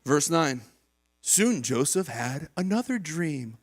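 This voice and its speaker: A male pastor preaching a sermon in a church, animated and acting out the voices of people in the story. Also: high-pitched, moderate pace. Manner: animated, acts out quoted voices of biblical figures. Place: church stage.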